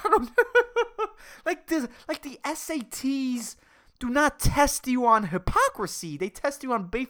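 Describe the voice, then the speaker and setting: A woman's voice: high voice, measured pace. A woman hosting a solo podcast rant, rambling, swearing a lot and cutting herself off, over-caffeinated. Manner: profane, rambling, excitable, self-interrupting. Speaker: podcast host.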